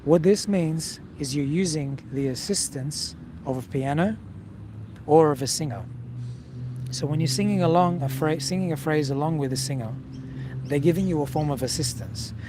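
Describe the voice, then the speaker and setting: A male singing teacher talks the viewer through a casual lesson in a direct, coaching way, often checking in with a quick "okay?". His voice sits a little high for a man. A faint hum of noise runs underneath.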